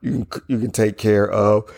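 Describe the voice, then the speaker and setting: A middle-aged man with a hoarse, worn voice, hosting a casual solo podcast and giving blunt opinions while yawning between sentences. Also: on the low side, dry recording, studio quality. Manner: blunt, opinionated, loose and conversational. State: hoarse, strained voice from yelling. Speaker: podcast host.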